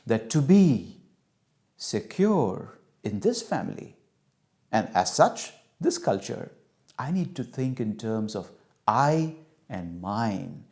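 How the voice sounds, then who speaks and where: Animated man teaching by story. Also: medium pitch. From India. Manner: animated, acts out dialogue. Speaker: cultural intelligence trainer. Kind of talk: storytelling lecture.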